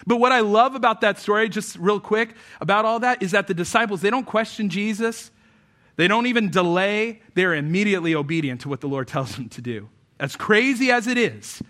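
A man preaching as pastor, talking in a casual, joking way and reading scripture aloud slowly. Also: high-pitched, pushed and bright. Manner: casual and joking, acts out everyday scenes. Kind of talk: sermon.

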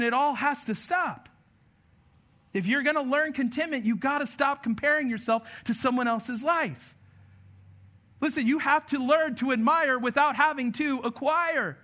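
A young man preaching a conversational sermon, energetic and joking in asides about his kids. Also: extremely high pitch. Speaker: pastor.

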